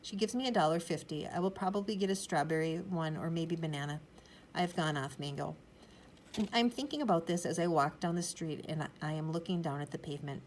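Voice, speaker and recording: A woman's voice: low-pitched, a little mellow, slight background noise, low-quality recording. A woman reading a children's storybook aloud in first person, in a chatty, rambling childlike manner. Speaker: audiobook narrator.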